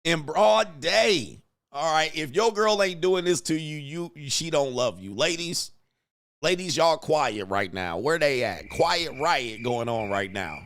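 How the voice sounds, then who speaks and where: A man hosts a reaction show, mocking the clips in crude, loose street slang and laughing between his remarks. His voice is fairly high, animated and a bit bright, and he takes his time.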